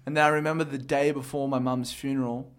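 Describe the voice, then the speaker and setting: A man's voice: medium pitch, little pitch movement, quick pace. A young man, talking candidly and rambling in a casual chat. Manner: candid, rambling, repeats words.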